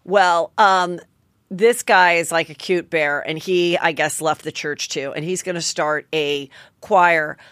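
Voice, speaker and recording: A woman's voice: fairly low pitch, takes it slowly, dry recording. Chatty woman host, dry close sound. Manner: chatty, animated, acts out quotes. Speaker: podcast host. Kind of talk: gossipy reality TV recap.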